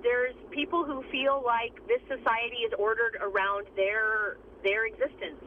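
A woman's voice: on the high side, level tone, measured pace, a little hiss or hum. A woman speaking emphatically as an interviewee, with many restarts. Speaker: interviewee, community advocate. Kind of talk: recorded interview over phone. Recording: tinny phone line.

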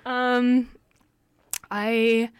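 A young woman co-hosting a casual chat podcast, soft-spoken and full of filler likes. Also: on the high side, flat delivery, drawn-out words, smooth. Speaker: podcast co-host.

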